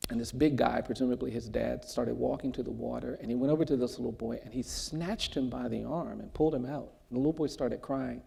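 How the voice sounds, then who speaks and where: A man in his sixties tells a personal story during an onstage conversation. His delivery is measured and earnest, with a mellow, gravelly tone. The voice carries the long reverb of a large hall. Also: mid-range voice. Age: 60s. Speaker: guest speaker. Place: large hall before an audience.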